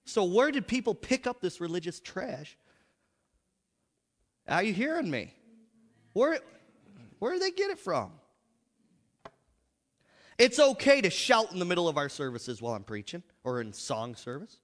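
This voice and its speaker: A pastor preaching a lively sermon in a church, repeating himself and laughing often. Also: male voice, sits high, a little slow, pauses often, big-room sound.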